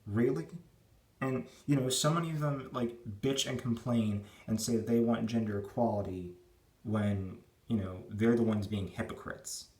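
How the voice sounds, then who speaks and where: Early in the morning, a vlogger in his twenties keeps his voice down while ranting to camera indoors at home, crude, rambling, and heavy on fillers. His lowish voice is a little mellow, with fairly even intonation and normal speed.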